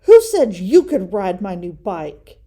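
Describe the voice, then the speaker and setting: A woman puts on a hot-tempered boy bear cub from a picture book. He shouts and protests, his voice leaping up and swooping around. He is slow and heavy with indignation. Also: high voice, big pitch swings, voice pushed up, full character voice. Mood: indignant.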